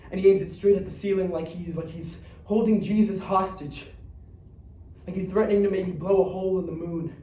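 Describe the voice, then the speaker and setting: A man's voice: fairly high pitch, mellow, slight background noise, natural voice. An actor on a theater stage playing a streetwise young man who believes he is Batman, talking in slang and acting out fights with sound effects. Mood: thrilled. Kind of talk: theatrical monologue. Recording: echoey stage recorded from far off.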